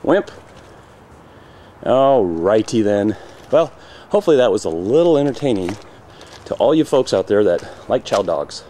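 Recording his dogs at play in the backyard on a handheld camcorder with noisy sound, a man chats in a low-leaning, sing-song voice. He talks at a moderate pace, pausing often, and teases and eggs the dogs on with playful shouts.

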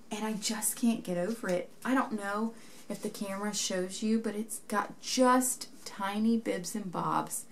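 A young woman vlogging to camera, telling a story in a chatty way and acting out what people said. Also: mid-range voice. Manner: chatty, retells events acting out quoted dialogue. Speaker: knitting vlogger.

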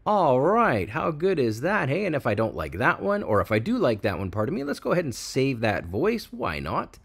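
A man hosting a tech channel, chatting excitedly through a screen-recorded software walkthrough and hyping each feature. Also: mid-range voice, moderate pace, creaky, husky.

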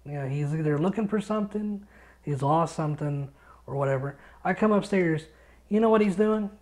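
Man, podcast co-host, casual chat, excitable, swears a lot, home studio. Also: fairly high pitch, normal speed.

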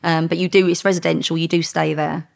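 Gravelly woman telling stories. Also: deep voice, fast. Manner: lively anecdotes with quoted dialogue, frequent laughs. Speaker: former undercover police officer. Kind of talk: podcast interview storytelling.

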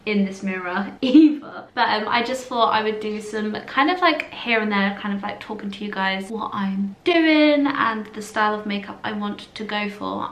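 A woman's voice: a little high, fairly bright tone, reverberant. A young woman vlogging casually to camera, chatty and full of "like", sounding tired, in a hotel room. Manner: chatty, fills with "like" and "literally". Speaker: lifestyle vlogger. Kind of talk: casual vlog chat to camera.

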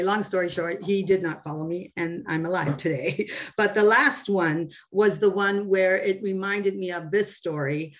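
A woman's voice: on the low side, measured pace. Woman telling church testimonies. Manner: conversational storytelling with many fillers and restarts. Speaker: preacher. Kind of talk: testimony in an online sermon.

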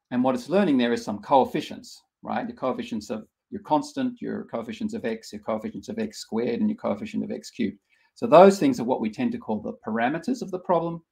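A man's voice: medium pitch, gravelly, darkish tone. A man running an online workshop, explaining concepts step by step with frequent restarts and fillers. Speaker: workshop instructor. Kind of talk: live online lecture.

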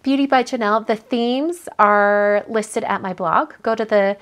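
A woman with a fairly high, smooth voice speaks a little slowly in a steady tone. Hosting a card-making livestream, she gushes and chats through opening viewers' cards, thinking aloud with plenty of fillers.

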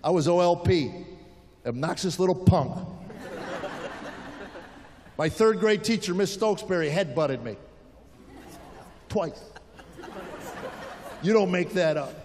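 High-voiced older male stand-up comic. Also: expressive, slow, pauses often, darkish tone, a faint crowd, a little hiss or hum. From United States. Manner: storytelling with acted-out quotes. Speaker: stand-up comedian. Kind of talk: stand-up comedy set. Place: large hall with audience. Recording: live hall reverb.

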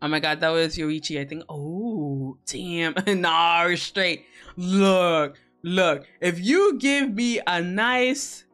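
A woman's voice: on the low side, slow, a bit bright, soft background music. A woman streamer hosting a co-working stream, chatting casually with viewers in a teasing, profane, giggly way.

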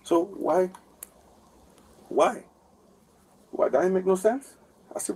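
A man's voice: sits high, animated, slow, pauses often, dark tone, slightly rough. A man in his forties rambling to police officers, repeating himself and asking for agreement, recorded on a bodycam. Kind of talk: heated conversation with officers. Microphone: officer's body camera. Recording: distant bodycam audio with faint background noise.

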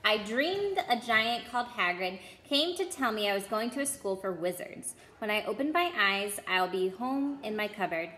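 A woman reading the quiet lines of a hopeful, uneasy young boy in a storybook. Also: medium pitch, lively intonation, moderate pace, hardly any pauses.

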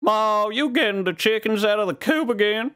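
A man's voice: high-pitched, normal speed, a bit bright, pitched above the performer's own voice. A man voicing a cranky, whiny old cartoon farmer.

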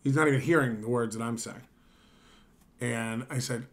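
A worn-out man streaming late at night, recounting a wild story in a loose, casual way. He talks in an animated manner, swears freely, and slips into voices to mimic the people involved. His voice sits at an everyday middle pitch. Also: moderate pace. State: tired.

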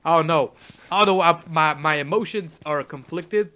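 A man commentating his own gameplay, excitable, yelling at the game and laughing often. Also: on the high side, normal speed. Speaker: gaming channel host. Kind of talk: let's play commentary. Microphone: face cam desk mic.

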